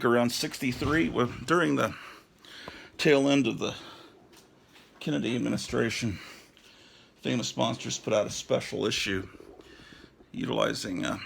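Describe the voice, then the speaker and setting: Gravelly, rambling middle-aged man. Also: medium pitch, slight background noise. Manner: rambling, halting restarts; addresses viewers as ladies and gentlemen. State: out of breath. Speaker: collector giving a home tour. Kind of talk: casual home tour vlog. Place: house interior.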